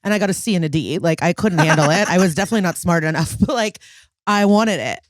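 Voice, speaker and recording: A woman's voice: lowish voice, quick pace, dry recording. A woman comedian guest on a podcast, blunt and darkly joking in casual chat.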